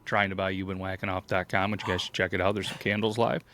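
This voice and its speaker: A man co-hosting a podcast, making wry, deadpan jokes in casual chat. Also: low-pitched, fast talker, a little hiss or hum. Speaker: podcast co-host.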